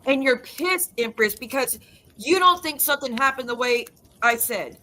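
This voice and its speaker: In a high, animated voice that sounds pushed and bright, a woman creator on YouTube rants at her viewers with heat and profanity, constantly restarting and breaking off mid-sentence.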